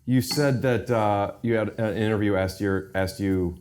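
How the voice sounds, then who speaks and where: A young man hosts a loose conversation, firing off curious questions with a playful, joking edge. His voice runs fairly low. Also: measured pace, a little mellow, a little hiss or hum. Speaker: podcast host. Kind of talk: casual chat.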